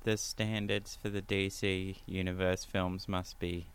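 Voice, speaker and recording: A man's voice: sits low, level tone, unhurried, clean tone. A man co-hosting a podcast, giving dry, understated opinions in casual chat. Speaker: podcast co-host.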